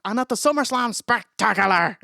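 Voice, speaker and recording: A man's voice: high-pitched, expressive, brisk, gravelly, sharp tone, dry recording, clean studio sound. A man co-hosting a podcast, retelling events with wry humour and frequent laughs. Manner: wry storyteller, laughs often between lines. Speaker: podcast co-host. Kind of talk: casual wrestling review chat.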